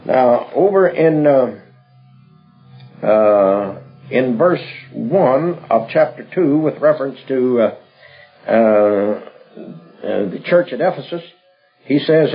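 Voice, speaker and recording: A man teaching from the Bible in a halting, folksy way, with many fillers and restarts. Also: mid-range voice, expressive. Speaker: preacher. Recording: dull lo-fi old recording with faint music.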